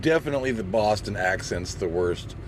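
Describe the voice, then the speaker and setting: A man's voice: on the low side, lively intonation, fairly quick, slight background noise. A man leaving a casual recorded voice message for a radio show. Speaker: caller.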